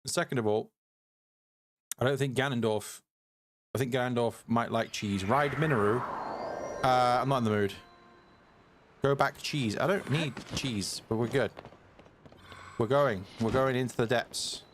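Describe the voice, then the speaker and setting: A young man streams a game live over game music, annoyed and ranting at a viewer in chat while repeating himself. His medium-pitched voice is unhurried with frequent pauses, and there's a little hiss or hum.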